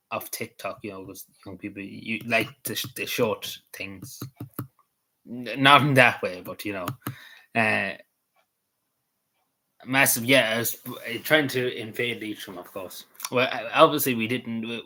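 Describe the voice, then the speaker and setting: An Irish man rambles through casual vlog commentary, his voice bright and forceful in tone and sitting a little low in pitch. He wanders between thoughts, drops in swear words without a second thought and fills the gaps with ums and you-knows. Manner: meandering, swears casually, lots of fillers. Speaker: vlogger.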